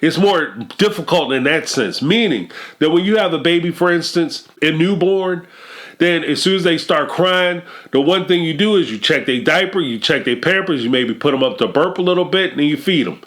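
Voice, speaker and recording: A man's voice: a little high, animated, moderate pace, a bit bright. A man giving reality-show commentary in an emphatic, conversational storytelling manner. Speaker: commentary vlogger.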